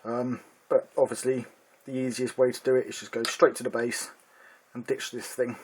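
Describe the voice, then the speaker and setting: A man at an ordinary mid-range pitch hosts his own miniatures hobby channel and walks through a magazine issue. His delivery is relaxed and conversational, full of ums and uhs. When he reads a passage aloud, his tone flattens a little. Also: moderate pace, slightly rough. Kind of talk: casual product review.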